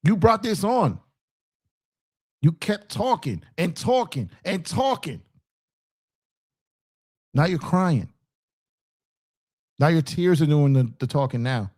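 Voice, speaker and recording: A man's voice: a little high, sing-song, takes it slowly, long pauses, a little mellow. A man hosting a sports show, ranting in fired-up fan commentary, repeating himself for emphasis and taunting rival fans. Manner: reads out viewer super chats.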